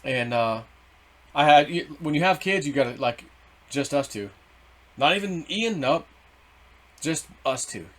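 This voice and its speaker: A middle-aged man telling a story in a rambling, excitable way, swearing and then softening his words. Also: on the high side, moderate pace, pauses often. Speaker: vlogger. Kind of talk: casual storytelling.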